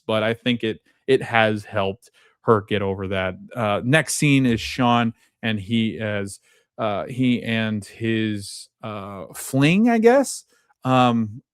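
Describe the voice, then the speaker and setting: A man's voice: mid-range voice, no room sound, clean studio sound. A man hosting a podcast, casually recapping a TV episode in a chatty way, full of restarts and fillers as he quotes the characters. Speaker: podcast host.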